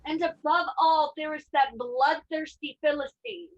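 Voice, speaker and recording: A woman acting an excitable, breathless young maidservant in a live online play. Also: a little slow. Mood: frantic. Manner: breathless, excitable, shrill alarm. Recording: dull lo-fi video call audio.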